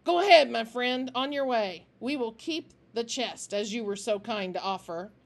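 A woman voicing a volatile gang leader who talks low and menacing with icy composure. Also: normal speed. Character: volatile, cold-blooded male gang leader.

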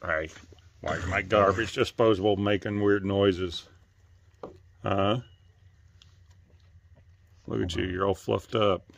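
Low gravelly man cooing at his pets. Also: fairly even intonation, slow pace, pauses often, a little hiss or hum. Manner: soothing baby talk to his pets. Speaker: pet owner feeding his animals. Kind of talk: casual talk to animals on camera.

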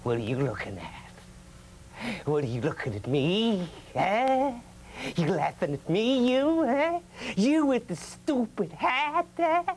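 A man putting on a raspy, unhinged street character who thinks he is a prophet. The character swings his pitch all over the place and taunts everyone around him. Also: sing-song, takes it slowly, a little hiss or hum, full character voice. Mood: belligerent. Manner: confrontational, picks fights. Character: deranged, belligerent street man who claims to be Jesus.

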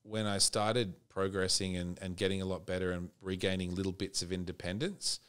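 Australian man, very deep voice, laid-back storytelling, casual swearing. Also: flat delivery, a little fast, fairly bright tone, smooth. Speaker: podcast guest.

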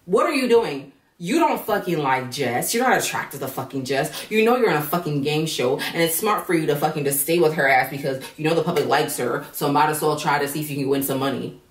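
A woman reviewing a reality show in a blunt, profane, animated rant. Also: deep voice, a little fast, far from the mic. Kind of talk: casual rant. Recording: echoey room, voice from off-mic.

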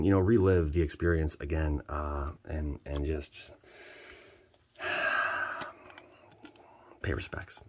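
A man casually commenting as he opens card packs for viewers, excitable and joking, jumping between loud hype and quiet muttering. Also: extremely low pitch, a little hiss or hum. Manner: slangy, joking, teasing. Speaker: channel host opening card packs for viewers.

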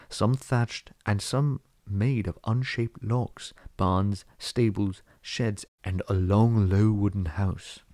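A man reading a classic fantasy novel aloud as an audiobook narrator, telling the story in a steady, read-aloud way. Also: lowish voice, dry recording, studio quality. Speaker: audiobook reader. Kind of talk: scripted narration.

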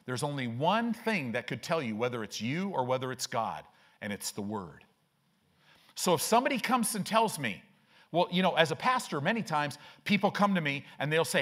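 An older male pastor preaching a sermon, animated, with frequent rhetorical questions. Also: a little high, normal speed.

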